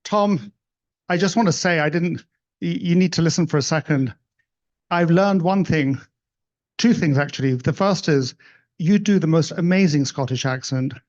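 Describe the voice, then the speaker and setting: A man's voice: a little high, normal speed, a little mellow. A man hosting an investor conference, speaking in effusive, casual thank-you remarks on stage, in dull lo-fi audio. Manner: effusive, heaps on praise. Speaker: event host. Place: conference room.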